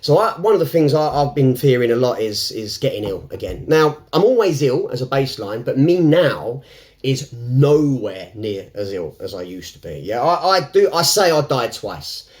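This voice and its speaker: A man's voice: medium pitch, very animated, normal speed, darkish tone. A man talking to camera in an unscripted, reflective way. He rambles, restarts often and laughs between thoughts. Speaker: self-help vlogger.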